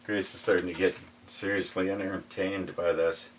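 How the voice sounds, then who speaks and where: A middle-aged man chatting casually and showing off his collection in a record shop, relaxed and chuckling now and then. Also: low-pitched, distant mic, a little hiss or hum. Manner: relaxed, unhurried, chuckles while recalling. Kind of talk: casual chat.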